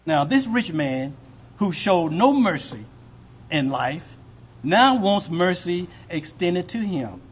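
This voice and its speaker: A man preaching a sermon with a husky voice, asking the congregation rhetorical questions. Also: high-pitched, sing-song, slow pace, pauses often. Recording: long hall reverb.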